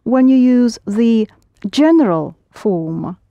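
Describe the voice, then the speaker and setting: A woman's voice: fairly high pitch, lively intonation, slow pace, dark tone, no room sound. A woman teaching a language lesson, explaining patiently step by step and prompting her students.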